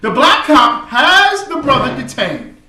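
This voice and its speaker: A man's voice: extremely high pitch, big pitch swings, a little slow, bright, forceful tone, slight background noise. A man hosting, giving emphatic, preachy commentary on news clips. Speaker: host. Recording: echoey room, distant mic.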